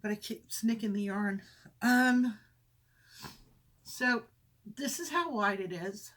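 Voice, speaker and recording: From her home craft room with windows, a woman hosting a crafting podcast chats and rambles while showing her projects, correcting herself as she goes. Her voice is a little high, slow, and a bit bright, and she's briefly out of breath.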